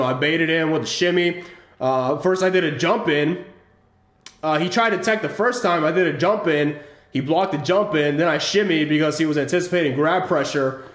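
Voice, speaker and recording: A man's voice: a little high, fairly bright tone, roomy sound. Man breaking down a fighting-game match. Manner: explanatory, halting with restarts and fillers. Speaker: channel host analyzing his own match. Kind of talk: casual gameplay commentary over footage.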